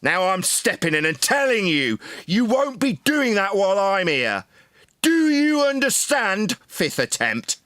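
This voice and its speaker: A man yelling and hurling insults at someone in a heated online voice-chat debate. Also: sits high, sing-song, measured pace, hardly any pauses, no room sound, studio quality. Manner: shouting, insulting, domineering. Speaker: debate stream host.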